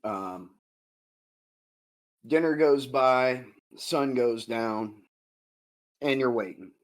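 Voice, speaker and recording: Slow, unhurried male game master. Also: mid-range voice, poor audio. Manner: unhurried, descriptive, with fillers. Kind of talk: narrating a tabletop game.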